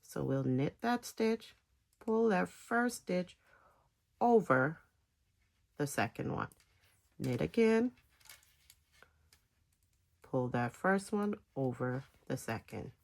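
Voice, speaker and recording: Slow, gravelly-voiced woman teaching knitting. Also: low voice, very animated, darkish tone. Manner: halting, pauses between phrases. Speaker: knitting instructor. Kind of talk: casual step-by-step tutorial.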